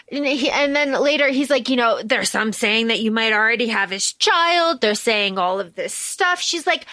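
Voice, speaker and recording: A woman's voice: sits high, normal speed, no room sound. A woman co-hosting a podcast, chatting casually and animatedly as she recaps a film, swearing and acting out the characters' lines. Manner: animated, swearing, acts out lines in raised voices. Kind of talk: casual chat.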